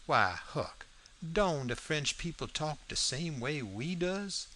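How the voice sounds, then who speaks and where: A man's voice: fairly high pitch, big pitch swings, slow, bright, forceful tone, a little hiss or hum, full character voice. A man reading the part of a stubborn, plain-spoken grown man in a storybook, with a heavy rural dialect and a blunt, argumentative way of talking. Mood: puzzled.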